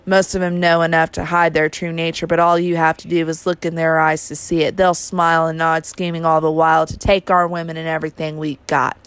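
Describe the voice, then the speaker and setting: A woman reading the lines of a furious, bigoted man with a gravelly, ash-rough voice and a contemptuous, spitting manner. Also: deep voice, no echo. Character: bigoted, furious white man, scheming and menacing.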